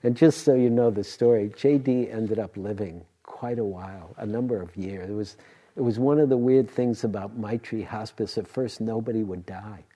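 An older man, a meditation teacher, giving a dharma talk and telling stories in a rambling way, with restarts and soft laughs. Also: lowish voice, moderate pace.

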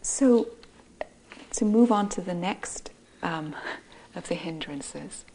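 A middle-aged woman giving a gentle dharma talk as a meditation teacher, often speaking softly and breathily. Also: on the low side, expressive, takes it slowly, slight background noise, low-quality recording. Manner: gentle, soft-spoken, often breathy and near-whispered. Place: meditation hall.

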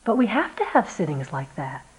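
At a meditation retreat, a woman gives a gentle, reflective dharma talk, sometimes acting out voices as she tells a story. Her medium-pitched voice is very animated and moderately paced, in a rough recording.

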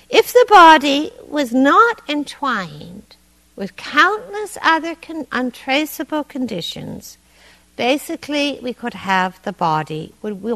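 Lively, playful woman meditation teacher. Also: fairly high pitch, gravelly, rough recording. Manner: conversational, gently humorous. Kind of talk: dharma talk. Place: meditation hall.

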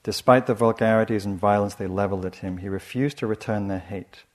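A man giving a dharma talk as a meditation teacher, speaking softly and reflectively in a measured way. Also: lowish voice, steady tone. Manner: soft, measured and reflective, with frequent restarts.

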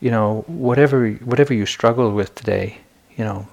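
A man's voice: medium pitch, normal speed, creaky, a little mellow. A man who is a meditation teacher, giving an evening dharma talk in a candid, conversational way, telling stories with frequent restarts. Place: retreat center meditation hall.

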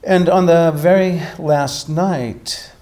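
A man, a meditation teacher, telling a story in a dharma talk with animated delivery and frequent restarts. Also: on the high side, slow.

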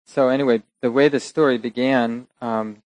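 A man teaching at a meditation center in a relaxed, reflective storytelling voice, pausing now and then to rephrase. His voice sits in an ordinary middle pitch. It is recorded close and dry, with no room echo. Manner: unhurried, reflective, with occasional laughs and self-corrections. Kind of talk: dharma talk with storytelling.

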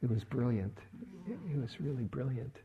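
A middle-aged man giving a relaxed dharma talk as a meditation teacher, telling stories and acting out the people in them. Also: medium pitch, moderate pace, narrow, tinny audio. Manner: relaxed storytelling with quoted voices. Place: retreat hall.

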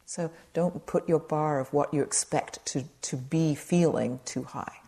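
A woman meditation teacher giving a gentle, conversational dharma talk at a retreat, speaking to a live audience with light humor. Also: low voice, a little slow, vocal fry.

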